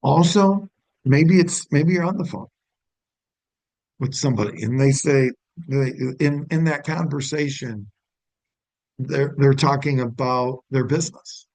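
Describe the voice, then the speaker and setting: A man's voice: mid-range voice, a little slow, pauses often, darkish tone, dry recording, low-quality recording. A middle-aged man giving a sales training talk, often acting out upbeat phone greetings to show the right tone.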